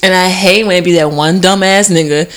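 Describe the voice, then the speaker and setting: A woman's voice: fairly low pitch, fairly even intonation, fairly quick. A young woman chatting casually as a co-host, blunt and joking, swearing freely. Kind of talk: casual chat.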